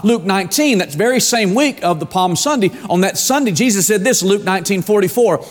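A man preaching a sermon as pastor, drawing out key words slowly and repeating himself for emphasis. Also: high voice, expressive, big-room sound. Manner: preaching with dramatic slow emphasis and repetitions.

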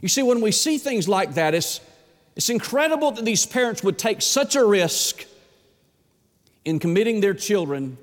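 A man preaching a sermon as pastor, impassioned and repeating words as he builds, then dropping to a hushed plea. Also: sits high, very animated, normal speed, long reverb tail.

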